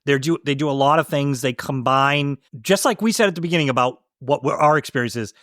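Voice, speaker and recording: An enthusiastic man co-hosts a podcast, talking through a film scene by scene. His sentences tumble out in quick restarts at a mid pitch. The sound is dry and close, with no room around him. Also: a bit bright, no echo. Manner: enthusiastic, talks in rushed restarts. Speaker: podcast co-host. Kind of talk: casual movie commentary.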